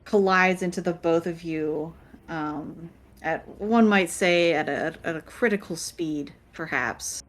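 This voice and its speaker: A woman's voice: lowish voice, takes it slowly, soft background music. A woman running a tabletop game as game master, laid-back and joking, swearing casually.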